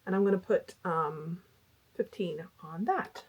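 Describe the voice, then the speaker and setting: A woman's voice: on the low side, unhurried, background noise. A middle-aged woman vlogging about crochet in a chatty, rambling way with fillers. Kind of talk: casual chat.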